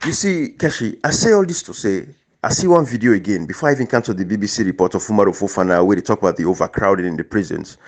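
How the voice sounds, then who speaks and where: A man's voice: lowish voice, lively intonation, fast talker, few pauses, dry recording. A man with a Sierra Leonean Krio-English accent, talking politics in an impassioned, repetitive way. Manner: impassioned, repetitive, rising to near shouting. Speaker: political commentator. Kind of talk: casual political discussion.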